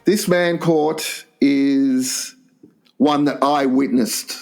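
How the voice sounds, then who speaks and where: A man's voice: medium pitch, extremely slow, gravelly, loud music behind the voice. A man co-hosting a crude comedy podcast, swearing constantly and acting out the voices in his stories. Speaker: podcast co-host.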